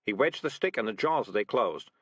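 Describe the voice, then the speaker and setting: A man's voice: fairly low pitch, lively intonation, dry recording. A man voicing a clever, scheming streetwise tomcat who talks his way out of trouble. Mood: shifty. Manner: smooth-talking, fast excuses.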